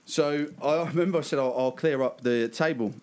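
A man's voice: medium pitch, normal speed, darkish tone. A man around thirty, telling a laughing, sweary anecdote in casual chat among friends.

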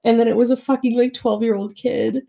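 A woman podcast co-host chats casually and tells stories with plenty of swearing. Her voice sits a little high and has a gravelly, creaky texture. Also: little pitch movement, fairly quick, heavy background noise. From Utah, US. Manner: swears freely, storytelling. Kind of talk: casual chat.

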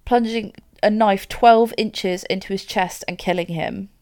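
A woman recounts a crime case to a friend on a podcast. Her voice is smooth and clear, her delivery chatty and loose, full of "like" and "so". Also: medium pitch, fairly even intonation, unhurried, a little mellow. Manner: chatty, frequent "like" and "so", laughs easily. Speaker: podcast co-host. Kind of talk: casual true-crime storytelling.

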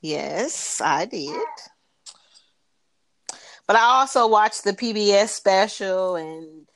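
A woman's voice: mid-range voice, slow pace, fairly bright tone, dry recording. A woman co-hosting a podcast in casual chat, answering in short, blunt, dry replies. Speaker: podcast co-host.

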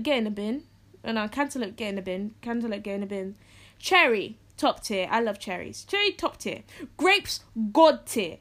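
A teenage girl from England, hosting a podcast in casual solo chat, joking and acting out quotes. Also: on the high side. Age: teens. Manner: animated, jokey, acts out quotes. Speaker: podcast host.

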